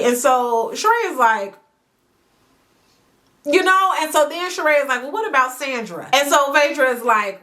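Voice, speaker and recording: Woman, high voice, bright tone, casual recap host, animated, chatty, talks to camera. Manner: animated, chatty, drawn-out emphasis, addresses the viewer directly. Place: indoors at home near a sunny window.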